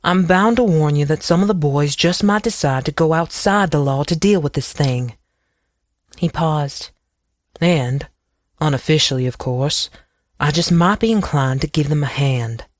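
A woman's voice: deep voice, measured pace, dry recording, clean studio sound. A woman voicing a grim, gray-haired small-town lawman who speaks firmly. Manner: grim, firm.

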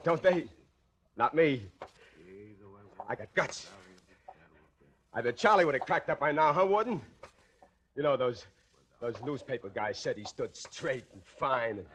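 A boastful condemned killer. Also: male voice, medium pitch, fairly bright tone, a little hiss or hum. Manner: tough-guy slang, needy taunting questions. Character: condemned male killer, boastful, cracking under fear. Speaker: prisoner. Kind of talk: 1940s radio acting.

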